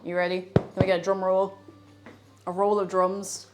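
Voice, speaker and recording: A woman streamer with a mid-range, completely flat voice chats casually while cooking live, playful and often breaking off mid-sentence. She talks at a moderate pace, her tone a little mellow, with slight hiss or hum.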